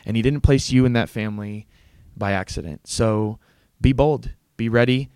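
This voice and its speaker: A man's voice: mid-range voice, moderate pace, a little mellow, clean tone, no echo. A male pastor in a casual podcast chat who closes with encouraging words to listeners.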